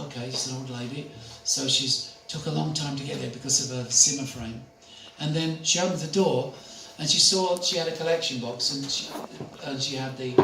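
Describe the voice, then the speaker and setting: A man's voice: medium pitch, sharp tone. An older man giving a spiritual talk, chatty and anecdotal, who laughs often. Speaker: spiritual speaker. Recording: echoey room, distant mic, faint noise.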